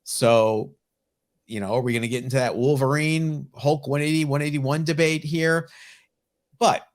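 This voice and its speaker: This male co-host of a casual comic-collecting podcast has a fairly high pitch and talks at normal speed. Enthusiastic throughout, he keeps up lively banter about collecting.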